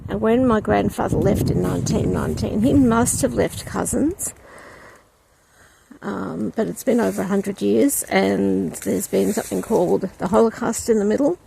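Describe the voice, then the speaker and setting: A woman's voice: mid-range voice, normal speed, gravelly, mellow, a little hiss or hum. A woman talking casually and reflectively to her camera as she walks through an outdoor cemetery on a breezy day. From from outside Poland. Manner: reflective, chatty, with frequent ums. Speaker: vlogger. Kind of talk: casual vlog walk-through. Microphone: handheld camera.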